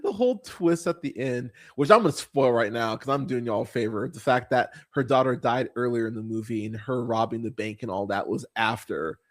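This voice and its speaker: A male podcast host in casual conversation, venting with plenty of swearing and frequent laughter. His voice sits at a middle pitch but leaps sharply higher when he gets worked up. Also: brisk, few pauses. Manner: exasperated, profane, laughs often, animated pitch jumps. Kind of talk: casual ranting film review.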